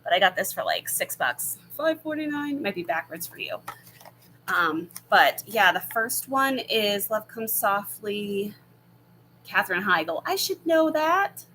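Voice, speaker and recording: Bright-voiced chatty woman host. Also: medium pitch, sing-song, measured pace, slight background noise, rough recording. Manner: chatty and rambling, many fillers and laughs. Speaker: channel host answering viewer questions. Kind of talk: casual live chat. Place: at home. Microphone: laptop.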